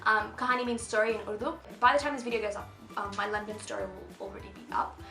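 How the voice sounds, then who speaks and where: A woman's voice: mid-range voice, fast, pushed and bright. A young woman in her twenties chatting through a shopping haul for her channel, bubbly and rambling with lots of asides. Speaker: fashion vlogger. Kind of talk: casual shopping haul chat. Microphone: camera mic. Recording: roomy echo, faint music.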